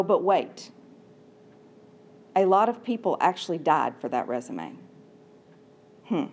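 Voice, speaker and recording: A woman's voice: medium pitch, darkish tone. A woman preacher telling a story in a sermon, with a conversational manner and playful asides.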